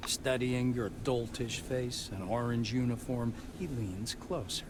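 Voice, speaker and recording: A man reading scripted narration for a video game in an even, descriptive voice. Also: mid-range voice, a little slow, noisy background, lightly acted.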